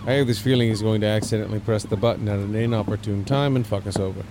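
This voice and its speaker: A man narrating a comedic audio drama in a deadpan, crude manner. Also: on the low side, rapid-fire, big-room sound, noisy background. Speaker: narrator and lead performer.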